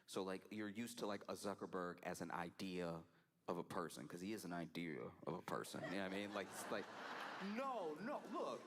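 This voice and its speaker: A man chatting casually on a live stream, talking in an animated way with frequent laughs and playful voices for the people he quotes. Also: sits low, fast, slight background noise.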